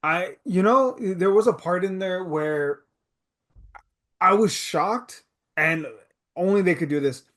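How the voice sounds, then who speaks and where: A man co-hosting a casual film podcast, his voice sitting a little higher than most men's. He gives blunt, emphatic reactions, leaning hard on strong words when something impresses or unsettles him. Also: slow pace, long pauses, a bit bright. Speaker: podcast co-host. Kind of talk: casual film review chat.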